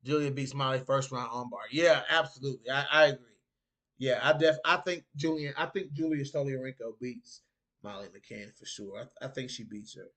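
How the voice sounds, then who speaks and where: A young man from North Carolina with a Southern accent hosts a casual live stream, reading chat comments aloud and laughing often. His mid-range voice is fairly bright and moves at a normal speed.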